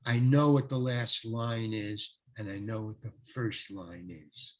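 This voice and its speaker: An older male actor, a guest on an interview, telling rambling, animated anecdotes full of restarts. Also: on the low side, measured pace. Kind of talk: casual storytelling interview.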